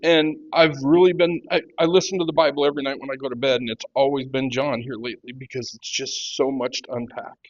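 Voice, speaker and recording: A man in his fifties giving a halting personal testimony, full of restarts, who grows animated as he retells a quarrel. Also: medium pitch, dry recording, dull audio. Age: 50s. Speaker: workshop participant sharing testimony.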